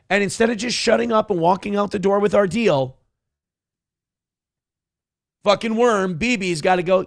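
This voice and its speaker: A male host rants through political news with biting sarcasm and lots of profanity. His voice sits fairly high for a man and has a gravelly rasp. The sound is dry and close, with no room around it. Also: animated, measured pace, dry recording. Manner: sarcastic, ranting and heavy on profanity. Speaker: show host.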